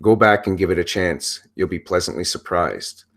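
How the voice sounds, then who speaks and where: A man's voice: low voice, normal speed, creaky. A man hosting his own channel as a pro wrestling reporter, giving casual, earnest, emphatic commentary with some profanity.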